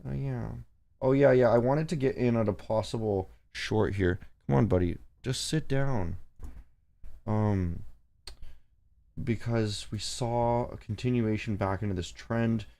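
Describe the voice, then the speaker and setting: Gravelly, profane livestream trader, man. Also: lowish voice, steady tone, a little slow, dark tone. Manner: rambling, profane, talks to his cat and chat. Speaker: forex trading livestream host. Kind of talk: casual live-stream commentary.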